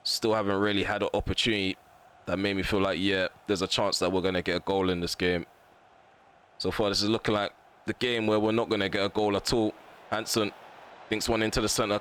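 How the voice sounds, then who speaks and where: A man's voice: on the low side, clean tone. A man commentating live on a football video game, ranting at his players and the referee and bursting out when chances come. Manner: excitable bursts at chances and goals. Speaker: gaming commentator.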